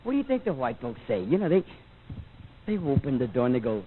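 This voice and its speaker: A man's voice: medium pitch, animated, fast, slightly rough. A male stand-up comedian with a Mexican-American accent, mixing English and Spanish and acting out family voices in a comedy set. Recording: tinny, phone-like VHS broadcast audio.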